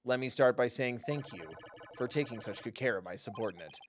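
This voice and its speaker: A man voicing a menacing male villain disguised by a voice changer, low and slow. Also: noisy background, natural voice. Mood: sinister.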